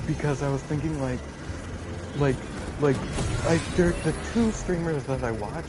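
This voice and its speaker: A man's voice: on the high side, normal speed, over loud music. A young man in casual gaming chat, rambling with lots of fillers and casual swearing. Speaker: co-player chatting.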